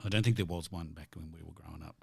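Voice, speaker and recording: A man's voice: extremely low pitch, racing, creaky, breathy edge, no room sound. A man co-hosting a casual music chat, tossing in questions and dry quips. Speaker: radio co-host.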